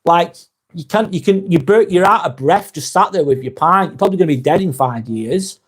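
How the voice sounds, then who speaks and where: A man's voice: a little high, lively intonation, a little fast, husky. Blunt sweary man with Lancashire accent. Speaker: live vlog host. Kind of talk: live-stream chat, reading viewer comments.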